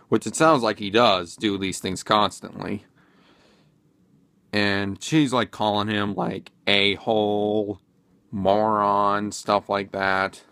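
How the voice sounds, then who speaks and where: Male commentator, slow and hesitant, lots of fillers, middle pitch, dry recording. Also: fairly bright tone, clean tone, no echo. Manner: rambling, hesitant, many fillers and restarts. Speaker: video commentator. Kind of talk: casual commentary vlog.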